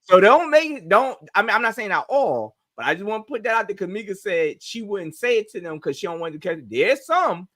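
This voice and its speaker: Lively, high-voiced man cutting in. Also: brisk, hardly any pauses, dry recording, clean studio sound. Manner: lively, keeps cutting in to make a point. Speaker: podcast co-host. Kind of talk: casual group chat.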